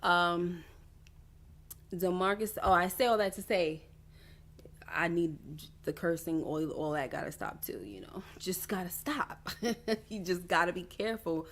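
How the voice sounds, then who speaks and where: Lady on a faith livestream chatting straight to viewers, lowish voice, rambly and honest. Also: expressive, a little slow, pauses often, fairly bright tone. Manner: candid, confessional, talks straight to viewers; rambling with frequent restarts and asides. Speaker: host of a faith-based wellness livestream; doctoral student. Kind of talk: casual livestream chat.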